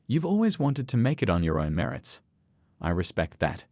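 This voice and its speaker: A man reading the lines of a composed male company chief in a story, measured and level. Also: low voice, huge pitch swings, darkish tone, no echo, heavily acted.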